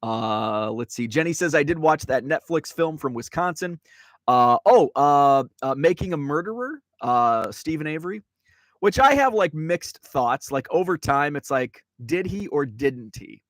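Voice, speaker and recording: A man's voice: on the high side, very animated, unhurried, a bit bright, no room sound. A man hosting a live stream, chatting casually and reading viewer comments, full of fillers and restarts. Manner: rambling, many fillers and restarts; reads viewer chat aloud. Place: Wisconsin home.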